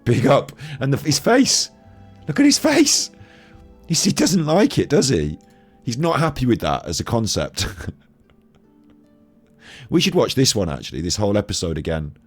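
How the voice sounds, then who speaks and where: A man's voice: mid-range voice, big pitch swings, normal speed, long pauses, breathy edge, soft background music. A man streaming casual commentary over a video clip, chatty, laughing and swearing.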